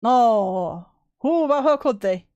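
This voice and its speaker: A woman's voice: fairly high pitch, normal speed, highs cut off. A woman streamer reacting to a clip in casual commentary, teasing and laughing, with free swearing.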